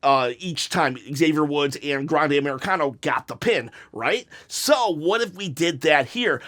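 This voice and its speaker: A man talking casually and animatedly as a wrestling YouTuber, pitching match ideas with frequent restarts and laughs. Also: lively intonation, measured pace, few pauses, a bit bright. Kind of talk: casual fantasy-booking commentary.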